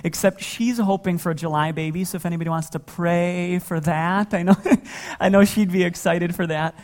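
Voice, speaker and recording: A man in his thirties, a pastor, giving a sermon and telling family stories in a relaxed way, often breaking into laughter. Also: high-pitched, moderate pace. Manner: relaxed storytelling with frequent laughter.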